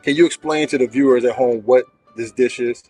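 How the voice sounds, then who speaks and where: A man's voice: medium pitch, fairly even intonation, fairly quick, a little mellow, faint music behind. Playful man hosting a casual show. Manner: playful, teasing, loose interviewer. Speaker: host. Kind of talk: casual podcast chat.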